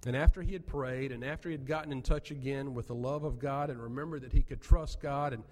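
A man's voice: mid-range voice, steady tone, fast, a little mellow. Man preaching in a reverberant church. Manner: earnest, emphatic preaching with rising peaks. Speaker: pastor. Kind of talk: sermon.

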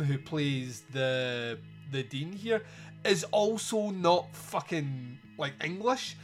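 Male host, slightly high-pitched, mocking and sweary in a casual film review chat. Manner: animated, sweary, mocking the film's dialogue. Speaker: podcast host.

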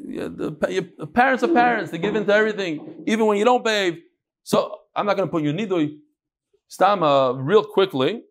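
A man teaching an informal Gemara class, telling stories and explaining with Hebrew and Yiddish terms. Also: on the high side. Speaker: Talmud teacher.

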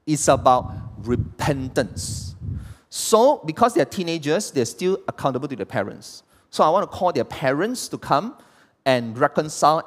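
A man's voice: medium pitch, a little hiss or hum. A man, preaching a sermon as pastor and throwing rhetorical questions at the congregation. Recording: long hall reverb.

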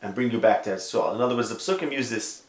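A man giving a conversational Torah lecture on a podcast, stressing some words loudly and dropping to quiet asides, with Hebrew and Yiddish terms mixed in. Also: fairly low pitch, fast, echoey room. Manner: emphatic, swings between loud stresses and quiet asides.

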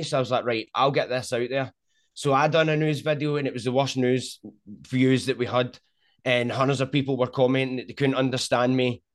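A middle-aged Scottish man with a strong Scottish accent, telling stories animatedly in a casual interview. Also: mid-range voice. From Scotland. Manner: animated storyteller, frequent "do you know what I mean". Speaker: sumo content creator.

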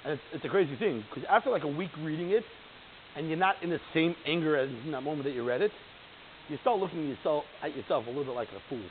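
A man giving an informal Torah class to a group, animated, laughing and acting out the voices he quotes. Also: fairly high pitch, fast talker. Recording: tinny phone-line sound with faint hiss.

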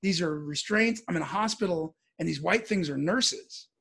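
A man from the US Midwest telling a personal story in casual speech, animated and acting out the voices as he goes. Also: sits high, normal speed, creaky, slightly rough.

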